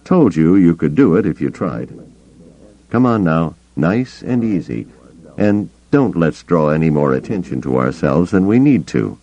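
A man voicing a sly adult male smuggler who talks slowly and quietly in a coaxing way, in a dull lo-fi recording. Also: low voice, big pitch swings, exaggerated voice.

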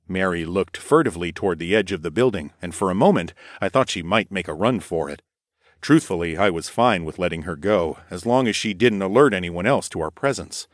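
A man reading a first-person story as an audiobook narrator, in a measured storytelling manner. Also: deep voice, expressive, dry recording, studio quality.

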